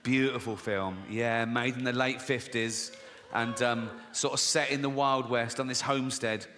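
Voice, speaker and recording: A man's voice: medium pitch, fairly even intonation, a little slow, pushed and bright. A man doing a stand-up routine, telling stories in a profane, sardonic way and acting out the voices. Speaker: stand-up comedian. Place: theater stage. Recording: live in a large reverberant hall with faint noise. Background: audience laughter.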